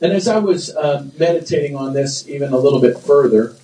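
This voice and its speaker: Man, pastor preaching, mellow voice, emphatic and repetitive, echoey church, mic at a distance. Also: medium pitch, expressive, fairly quick. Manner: emphatic preaching with repeated phrases and call-and-response. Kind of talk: sermon. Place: church sanctuary.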